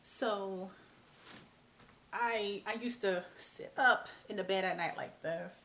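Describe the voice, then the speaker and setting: A woman's voice: medium pitch, slow pace, a little hiss or hum. A woman, talking casually and bluntly to camera as a vlog host. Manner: animated, chatty, blunt, mild cursing.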